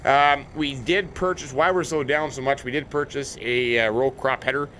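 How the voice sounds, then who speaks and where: A man's voice: medium pitch, fairly even intonation, normal speed, bright, forceful tone, a little hiss or hum. Chatty American man narrating a farming game. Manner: chatty, joking, talks to imaginary companions. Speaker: let's play host. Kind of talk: casual game commentary with role-play banter. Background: faint game vehicle sounds.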